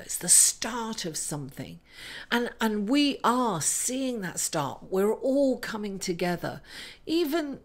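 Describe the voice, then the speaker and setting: Earnest woman giving a spiritual tarot reading. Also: medium pitch. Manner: earnest, gets tearful and laughs through tears. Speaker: astrology and tarot reader. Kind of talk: casual spiritual talk to viewers.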